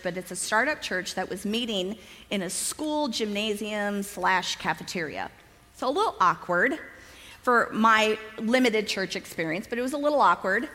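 A woman in her fifties giving a personal testimony at a conference, telling her story lively and acting out the dialogue. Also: medium pitch, in a large hall. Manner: lively storyteller who acts out quoted dialogue, often laughing. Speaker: conference speaker.

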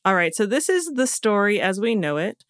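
A woman co-hosts a podcast, casually retelling a story while often laughing and tripping over names. Her mid-range voice swings widely in pitch at a moderate pace. The podcast studio mic gives a dry, studio-quality sound.

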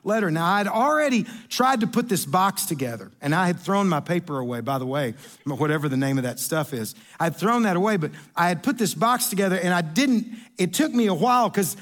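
A pastor tells a long, rambling story in a sermon, poking fun at himself as he goes. His voice is high and he stumbles and restarts often. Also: animated, a little fast, fairly bright tone. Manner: rambling, self-deprecating, lots of restarts.

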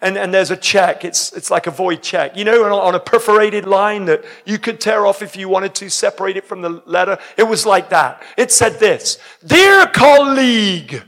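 A man preaching a sermon full of stories, exuberant and breaking into shouts at high points. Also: steady tone, moderate pace, hardly any pauses. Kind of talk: sermon with storytelling.

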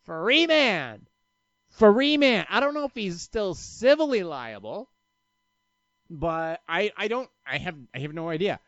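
A man talks on his own podcast in a loose, rambling way, swearing freely and cutting himself off mid-thought. His voice sits a little high for a man and swings widely up and down. The sound is dry and a bit dull, like a home lo-fi setup. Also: very animated, normal speed, a bit bright, dry recording. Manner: rambling, profane, self-interrupting storyteller. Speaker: podcast host. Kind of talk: casual solo podcast chat.

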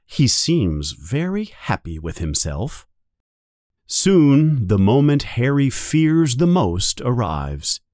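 A man narrating a storybook in an expressive reading manner, jumping high for characters' calls. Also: slow, no echo, clean studio sound.

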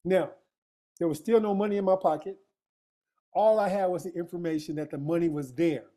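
A man's voice: high voice, brisk, warm tone. A man telling a personal story in casual conversation, emphatic and street-casual, full of rhetorical questions to his listener. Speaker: guest.

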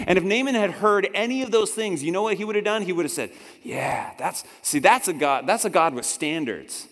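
Animated man preaching in a reverberant hall. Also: high voice, a little fast, few pauses. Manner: animated storytelling, acts out voices, swings loud and soft. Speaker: pastor. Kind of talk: sermon.

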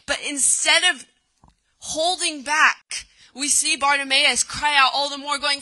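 Bright-voiced woman preaching a sermon. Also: high-pitched, unhurried, rough recording. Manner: reads scripture aloud, then retells it with dramatic cries.

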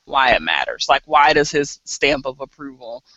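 A woman co-hosting a casual podcast chat, talking in an animated way with laughs and exasperated asides. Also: a bass voice, normal speed, dry recording, muffled recording. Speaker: podcast co-host.

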